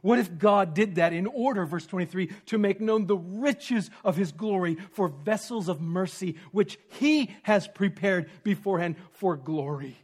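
A man preaching an expository sermon, teaching with rhetorical questions and swinging from emphatic stress to hushed, near-whispered points. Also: high voice, normal speed, few pauses, husky. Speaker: pastor.

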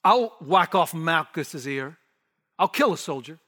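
A man acting out a fierce, proud young disciple in a sermon, boasting loud and slow in a higher-pitched voice. He sounds zealous and sure of his own strength. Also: expressive, in a large hall, heavily acted. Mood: boastful.

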